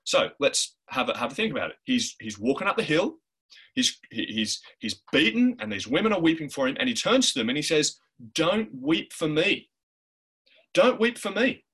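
A man's voice: mid-range voice, big pitch swings, fairly quick, fairly bright tone, husky, low-quality recording. A man preaching a sermon in an earnest way, often checking in with the listeners by asking "right?".

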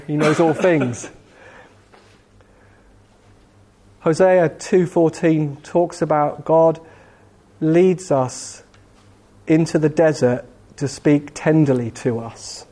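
A man preaching a sermon in a slow, measured way with dramatic pauses, gently voicing God's questions. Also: a little high. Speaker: pastor.

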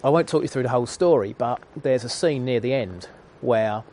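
A man's voice: mid-range voice, moderate pace, darkish tone. Earnest male preacher telling a story. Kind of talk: sermon.

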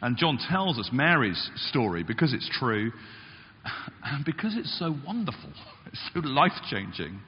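A male pastor delivers a sermon with a lively, swooping delivery, sometimes acting out the voices he quotes. The sound is slightly dull and carries a long church reverb. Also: a little slow, slight background noise. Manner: animated, acts out quotes with big pitch jumps. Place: church hall.

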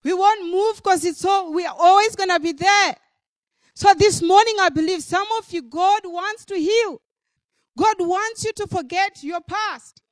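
A woman's voice: extremely high pitch, a little slow. A woman preacher delivering a sermon at a church service, emphatic, with many repeated phrases and a rising and falling delivery.

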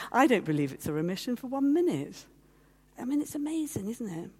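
A woman's voice: a little high, very animated, normal speed, darkish tone, husky. A woman giving a heartfelt personal testimony as a guest speaker, telling her story and acting out the voices of others. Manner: heartfelt, at times teary. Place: meeting hall.

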